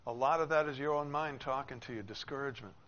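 A man's voice: medium pitch, fast talker. A man preaching a sermon, explaining a passage and acting out the people in it with rising emphasis. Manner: expressive, acts out quoted speakers with rising emphasis. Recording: slightly dull with faint noise.

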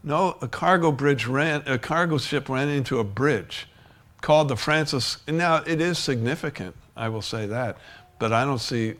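A pastor preaches a sermon conversationally, often restarting sentences and chuckling. His voice is medium-pitched and fairly bright, at a normal speed.

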